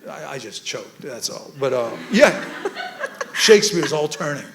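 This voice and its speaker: A man giving an animated, rambling talk about poetry, laughing often as he goes. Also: mid-range voice, measured pace, vocal fry, roomy sound.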